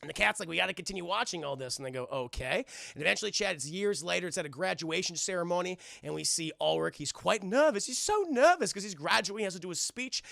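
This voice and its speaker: A man reviewing a cartoon episode live for his stream chat, acting out the characters' lines in quick voices and swearing freely. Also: sits high, expressive, gravelly, a bit bright, no echo. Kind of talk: animated live-stream recap.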